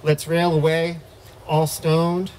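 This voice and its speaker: A man's voice: a little high, little pitch movement, slow, darkish tone, voice pushed up. A man doing a Southern American accent to voice a preacher-like figure calling out to his people in a poetry reading. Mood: preaching.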